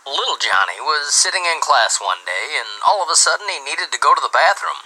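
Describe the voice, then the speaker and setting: A man reading dirty jokes aloud as an animated storyteller who starts many lines with "well". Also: fairly high pitch, a little fast, low-quality recording.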